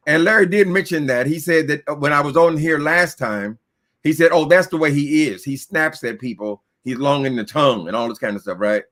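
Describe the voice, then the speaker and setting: A man's voice: fairly high pitch, brisk, fairly bright tone. A man speaking as a guest on a casual live chat, sarcastic and heated, swearing freely.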